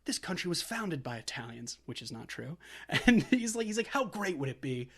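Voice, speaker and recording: A man's voice: a little high, big pitch swings, normal speed, fairly bright tone, breathy edge. Laid-back young man recapping a film. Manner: retells scenes with quoted bits and laughs. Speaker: podcast co-host. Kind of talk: casual chat.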